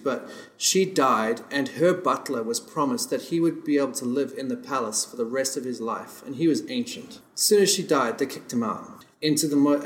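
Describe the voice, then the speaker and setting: A man from South Africa, a podcast guest telling stories in casual chat, rambling and heavy on fillers, often chuckling as he talks. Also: medium pitch. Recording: roomy podcast room echo.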